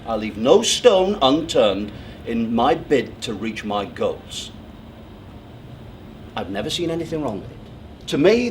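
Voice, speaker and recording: A man's voice: medium pitch, a little hiss or hum, close to an everyday voice. A man playing a pompous, controlling suitor. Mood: smug. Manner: smug, condescending, over-precise. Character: pompous, controlling, self-assured man proposing. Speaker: stage actor. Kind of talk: theatrical monologue. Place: theatre stage.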